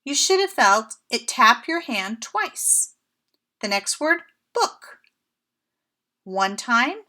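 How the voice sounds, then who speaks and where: A woman teaching a first grade class from home, speaking slowly and clearly with an encouraging teacher's manner. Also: fairly high pitch, big pitch swings, sharp tone. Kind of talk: remote lesson for young children.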